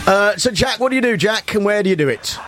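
Animated, joking radio host man. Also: high voice, fast talker, over music. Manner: jokey, dry, laughing often. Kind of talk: radio show banter and game hosting.

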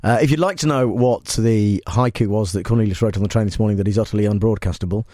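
A man hosting a comic talk radio show in a deadpan, mock-serious way. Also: fairly low pitch, fast, no room sound, studio quality. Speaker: radio host.

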